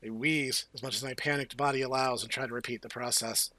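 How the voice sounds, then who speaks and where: A man's voice: mid-range voice, fairly even intonation, fast talker, pushed and bright, no room sound. A man hosting a let's play, reading game text aloud with playful, jokey asides. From United States. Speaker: host.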